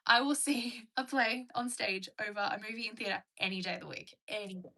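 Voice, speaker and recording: Young woman livestream host, gravelly edge, bright tone, chatty, answers comments. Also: mid-range voice, brisk. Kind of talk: casual live-stream chat. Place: at home.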